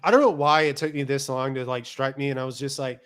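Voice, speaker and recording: Casting: man, bright, sharp tone, rambling co-host who gropes for names. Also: medium pitch, steady tone, quick pace, clear, resonant tone. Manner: rambling, searching for words. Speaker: podcast co-host. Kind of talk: casual chat.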